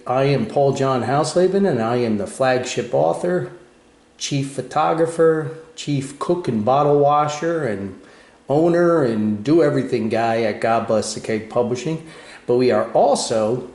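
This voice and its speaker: A man's voice: mid-range voice, a little mellow. An older man with a New Jersey accent chatting casually in his home radio room, rambling and poking fun at himself with plenty of fillers and restarts. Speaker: ham radio video host. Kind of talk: casual show-and-tell chat. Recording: echoey room.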